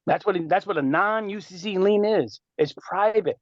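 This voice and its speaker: A high-pitched man talks with swagger and loose street slang, lecturing and fielding questions over a call. The sound is dull and lo-fi, with a dry, close feel and no room around it. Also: moderate pace, no echo. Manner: boastful, animated, streetwise slang. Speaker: speaker answering callers on a group call. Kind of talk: casual lecture and Q&A.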